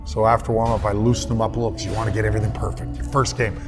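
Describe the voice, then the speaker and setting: A lowish-voiced man in his fifties tells his stories with plenty of feeling and liveliness. Music plays clearly in the background of the interview. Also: racing. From Canada. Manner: emotional, lively storyteller. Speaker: guest, hockey analyst. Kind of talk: storytelling interview.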